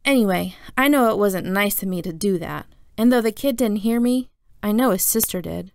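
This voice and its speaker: A woman reading a novel aloud as first-person narration, telling it in an even storytelling manner. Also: mid-range voice, moderate pace, creaky, dry recording, clean studio sound. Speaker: audiobook reader.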